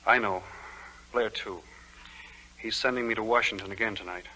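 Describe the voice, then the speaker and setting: A man's voice: lowish voice, steady tone, normal speed, bright, forceful tone, poor audio. An actor playing Newland, an ardent young man in love, in a 1940s radio play, urging and pleading. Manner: urgent, pleading, breathless romantic. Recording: old radio broadcast with faint hiss.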